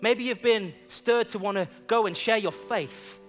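A man preaching from the front of a church, his voice pitched notably high for a man. He moves from a plain storytelling tone into fervent, stirring exhortation. Faint music plays underneath. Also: measured pace, fairly bright tone. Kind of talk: sermon.

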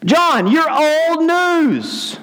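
A high, sing-song voice of a gossiping taunter , as a preacher puts him on, needling and teasing with every question. It bounces up and down in pitch and rings with a long hall reverb. The performance is loud and pushy. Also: male voice, big pitch swings, extremely slow, heavily acted. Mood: mocking. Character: taunting gossiping man mocking a fallen preacher.

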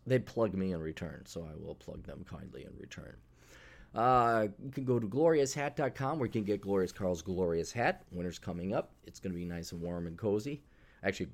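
A man's voice: deep voice, a little mellow. A man hosting a casual solo podcast, talking in a blunt, profane, sarcastic way, rambling with fillers. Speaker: podcast host.

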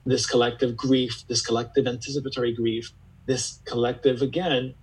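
Heard on a rough recording, this male podcast guest has a slightly husky voice at medium pitch and a level tone. He reflects earnestly, circling back over phrases while he figures out what he means, in the manner of a slow, considered interview.

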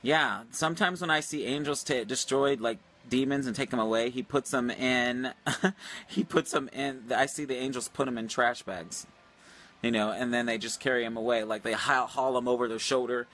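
A man hosting a livestream, telling a story casually in a rambling, animated way with many fillers and restarts. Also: mid-range voice, normal speed. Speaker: livestream host.

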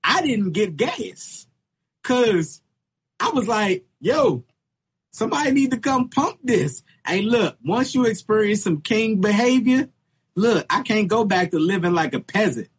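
A man with a very husky, rough voice co-hosts a comedy podcast. He talks loosely and tells animated stories. At the funny parts his voice leaps up into high exclamations. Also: measured pace. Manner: animated, jumps into high-pitched exclamations when telling stories. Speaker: podcast co-host. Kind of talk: casual comedic storytelling.

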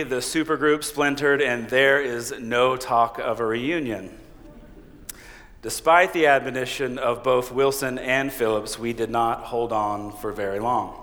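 A man's voice: mid-range voice, fairly bright tone. A man preaching a sermon as a pastor, conversational and humorous, often laughing. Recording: reverberant hall.

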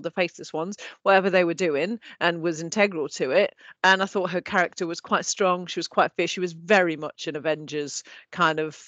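A woman co-hosting a podcast, chatting in an animated, sweary way and laughing often. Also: mid-range voice, no echo, muffled recording. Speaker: podcast co-host. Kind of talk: casual chat.

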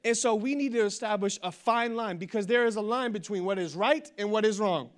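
Young male pastor, high-pitched, energetic sermon delivery. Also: a little fast. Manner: energetic preaching that builds to loud declarations, with humorous storytelling.

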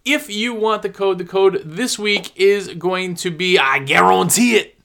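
Guy selling window cleaning gear, kinda high voice, repeats stuff a lot. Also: a little slow, fairly bright tone. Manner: chatty, pushy, repeats himself for emphasis. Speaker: window cleaning product sales rep. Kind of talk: casual sales pitch to viewers.

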